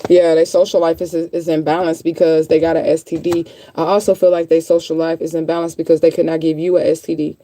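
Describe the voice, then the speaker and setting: Casual woman tarot reader with a lowish, mellow voice, blunt and chatty with plenty of swearing. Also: little pitch movement, fast talker, few pauses. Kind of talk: casual livestream chat.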